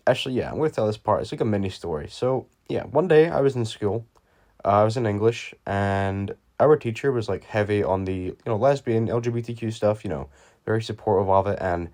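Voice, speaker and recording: A man's voice: on the low side, a little mellow. A young man telling a story time video in a casual, rambling way, full of fillers and swearing. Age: young adult. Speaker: YouTuber.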